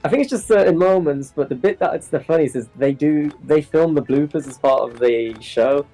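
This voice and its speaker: A man's voice: a little high, brisk, mellow, faint music behind. A man chatting casually, easygoing and reassuring toward his friend. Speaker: co-host friend. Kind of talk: casual chat.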